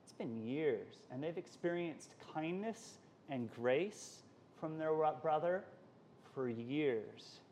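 A man's voice: medium pitch, a little hiss or hum. A man teaching a college Sunday school class on a Bible passage, talking conversationally and acting out the quoted lines. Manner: conversational, animated, acts out quotes.

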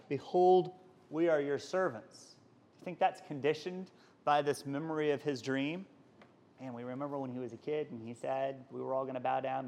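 A man leads a college Sunday school lesson in a relaxed, conversational way, with a voice pitched a bit above most men. He drops into quick asides and acts out the lines he quotes from the text. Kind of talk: Bible lesson to college class.

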